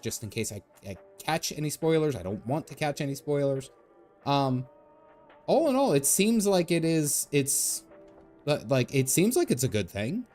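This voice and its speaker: Man, gaming streamer, chatty, rambling, mid-pitched voice, faint music behind. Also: darkish tone. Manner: chatty, rambling, answers chat as he goes. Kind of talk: casual live-stream chat while gaming.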